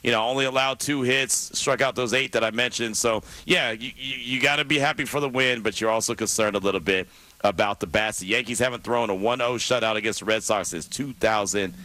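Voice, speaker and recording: Energetic man hosting sports radio. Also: medium pitch, brisk, no echo. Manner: energetic and emphatic, with repeats.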